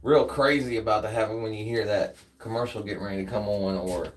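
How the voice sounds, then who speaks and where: A man's voice: fairly low pitch, fairly even intonation, fairly quick. Tired laid-back Southern man, off-mic. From United States. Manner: laid-back, rambling, slangy. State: tired after a workout. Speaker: streamer. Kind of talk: casual chat with viewers. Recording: distant from the mic.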